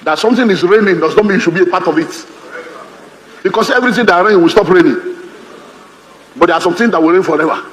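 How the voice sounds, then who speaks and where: A Nigerian pastor preaching to a live congregation, his voice set notably high for a man. He is lively and funny, and he slips into the voices of the people in his stories. A long hall reverb trails each phrase, over a faint wash of background noise. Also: quick pace, long pauses. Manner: animated and humorous, acting out quoted voices. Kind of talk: sermon.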